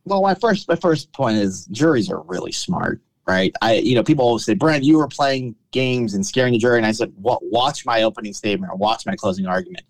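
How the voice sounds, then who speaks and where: Lawyer guy recounting a trial, lowish voice, dry close sound, lots of restarts. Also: fairly quick, few pauses, no room sound. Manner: animated storyteller, many restarts. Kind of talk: storytelling in a conversational interview.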